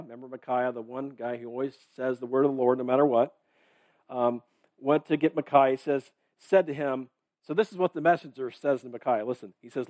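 A man's voice: medium pitch, fairly quick, a little mellow, no echo. Casual, talky male preacher. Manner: casual, conversational, reads verses and checks in with "right?" and "okay?"; filler-heavy with restarts. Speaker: pastor. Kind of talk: sermon.

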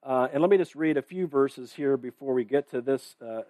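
A man's voice: mid-range voice, normal speed, mellow, no room sound. A man preaching a sermon as a pastor, reading verses and commenting in a casual, conversational way with many fillers. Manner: casual, conversational, reads verses and checks in with "right?" and "okay?"; filler-heavy with restarts.

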